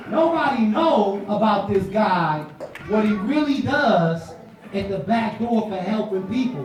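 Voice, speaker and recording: High-pitched dude telling stories at a banquet, slangy and lively, far off in a big echoey hall. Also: male voice, background noise. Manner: lively, slangy, acts out voices. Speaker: banquet speaker. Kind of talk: animated storytelling speech. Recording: echoey hall from afar, crowd.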